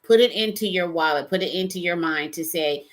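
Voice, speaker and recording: A woman's voice: lowish voice, a little fast. A woman co-hosting a casual faith-based chat, telling a personal story and acting out the dialogue with jumps in her voice. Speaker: co-host.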